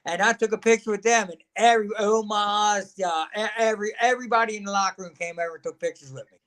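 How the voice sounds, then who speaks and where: A man's voice: sits high, steady tone, fast, fairly bright tone. A man, a guest telling stories in a folksy, laughing way. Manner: folksy, laughs often, acts out quotes. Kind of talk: casual storytelling chat.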